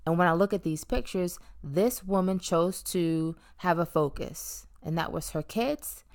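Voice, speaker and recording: A woman in her thirties, speaking slightly slowly in a fairly low, darkish voice, tells her own weight-loss story for her vlog. It's a candid, reflective monologue with a conversational feel, playful emphasis, and frequent ums.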